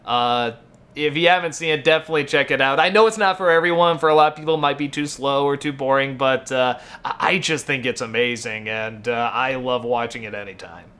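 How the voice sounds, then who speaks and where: A man's voice: mid-range voice, fairly quick, sharp tone. A man in his thirties hosting a web show, talking casually and loosely with lots of fillers, getting worked up over small moments. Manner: rambling, full of fillers and self-corrections, gets worked up about small things. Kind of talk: casual unscripted talk to camera.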